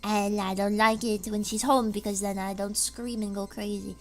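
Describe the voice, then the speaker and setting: A woman's voice: mid-range voice, little pitch movement, normal speed, very noisy. A woman streaming casually from home, rambling in an erratic way and breaking into screams and laughs. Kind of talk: casual live-stream chat.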